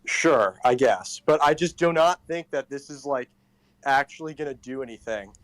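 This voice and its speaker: A man's voice: medium pitch, moderate pace, no echo. A man arguing as a debate guest, hesitant, with many likes and ums. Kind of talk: argumentative debate.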